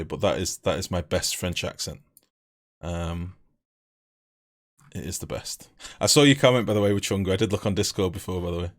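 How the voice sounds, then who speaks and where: Sweary male game streamer. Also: fairly low pitch. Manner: blunt, sweary, rambling. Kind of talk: casual live-stream chat.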